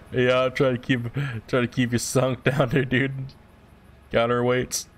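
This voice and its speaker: A young man chats casually with his live-stream viewers while he plays, loose, rambling and freely profane. His voice sits at an ordinary middle pitch. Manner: chatty, loose and profane, answering chat. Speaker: gaming streamer.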